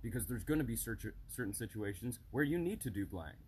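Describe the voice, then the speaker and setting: A young man lectures his friend in a lively, swinging voice, arguing his points and laughing. The recording comes from a phone, with faint hiss in the background. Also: mid-range voice, fairly quick. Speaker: podcast co-host. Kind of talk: casual chat.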